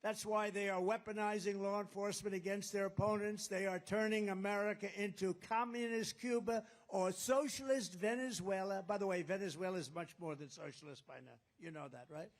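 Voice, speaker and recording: A man's voice: sits high, steady tone, a little fast, few pauses. A man giving a campaign rally speech as a political candidate, rambling and boastful and repeating his phrases. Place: rally at a golf resort.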